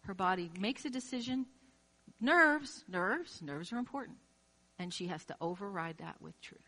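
A woman's voice: lowish voice, normal speed, a bit bright. A woman preaching a sermon, talking straight to her listeners with strong emphasis and acting out quoted inner voices. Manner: emphatic, direct address to listener.

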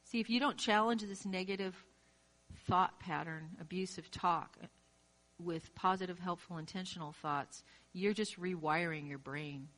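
A woman's voice: on the low side, measured pace, a bit bright. A woman preaching a sermon, talking straight to her listeners with strong emphasis and acting out quoted inner voices. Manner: emphatic, direct address to listener.

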